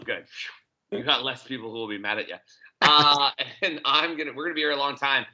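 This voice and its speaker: A man's voice: mid-range voice, bright, forceful tone. A man co-hosting a casual podcast, upbeat and jokey, laughing often. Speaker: podcast co-host. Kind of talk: casual chat. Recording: dull lo-fi recording.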